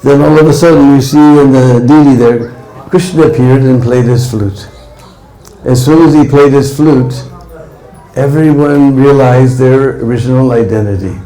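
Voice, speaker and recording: A man at a middle pitch tells a devotional story as a sermon. He keeps checking in with his listeners with "hmm?" and "huh?". His voice carries the echo of a roomy temple hall. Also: normal speed, mellow. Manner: tags lines with "hmm?" and "huh?". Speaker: preacher.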